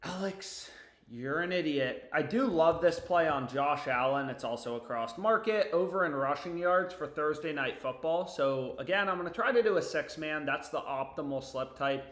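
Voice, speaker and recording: Talking to viewers and to himself, this young man runs a laid-back sports betting stream from his home. His slightly high voice echoes around the room, and he gets excited easily, swearing freely.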